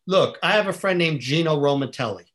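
A middle-aged man with a somewhat raised pitch tells stories earnestly and with animation. He acts out both sides of remembered conversations. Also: brisk. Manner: earnest, animated storyteller who acts out dialogue. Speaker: guest. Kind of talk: storytelling in a podcast conversation.

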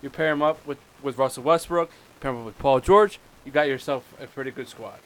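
A man co-hosting a sports podcast, laying out his opinions in a measured way. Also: mid-range voice, poor audio. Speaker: podcast co-host. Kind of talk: sports analysis chat.

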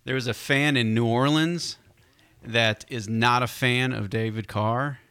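A man's voice: medium pitch, fairly even intonation, measured pace, fairly bright tone, smooth, dry recording. A man co-hosting a call-in radio show, setting up clips in an easygoing, chuckling way. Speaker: radio co-host.

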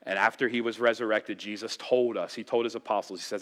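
A man's voice: on the low side, steady tone, quick pace, few pauses, a bit bright, long reverb tail. A male pastor preaching a sermon with impassioned emphasis, rising and dropping his voice to drive points home. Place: church sanctuary.

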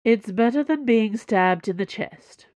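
A woman's voice: fairly high pitch, expressive, unhurried, darkish tone, dry recording, voice pushed up. Woman voicing a wry, mischievous swordsman. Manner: wry, teasing. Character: mischievous swordsman man, dry humor.

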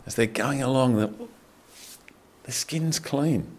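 A man's voice: medium pitch, slow pace, slight background noise. Middle-aged man preaching conversationally. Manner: conversational, animated preaching with frequent fillers and restarts. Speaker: pastor. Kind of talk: sermon.

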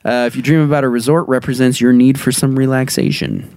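A man's voice: medium pitch, steady tone, quick pace, darkish tone, clear, resonant tone, dry recording. A man hosting a podcast, reading dream meanings aloud in a casual, jokey way and laughing often. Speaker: podcast host.

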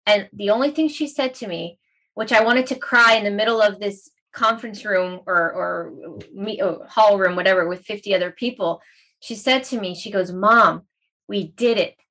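A middle-aged woman, a meditation teacher, telling a heartfelt story in a casual conversation, animated and emotional. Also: mid-range voice, moderate pace, poor audio.

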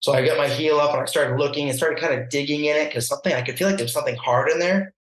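A man, a guest on a podcast, telling a story in a casual, animated way and acting out the voices he quotes. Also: a little high, racing. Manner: animated, acts out quoted voices, laughs often. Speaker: podcast guest, barefoot water skier. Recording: roomy echo.

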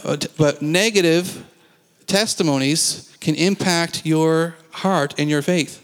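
A man's voice: fairly high pitch, slow, clean tone. A man preaching a sermon as pastor, talking conversationally and asking the congregation questions in a church sanctuary. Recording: long reverb of a church hall.

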